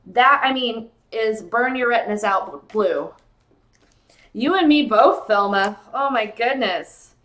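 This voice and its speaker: A woman with a fairly high pitch and measured pace hosts a casual jewelry sale on a live stream. Late at night, she sounds giddy and tired while gushing excitedly and calling out viewers by name.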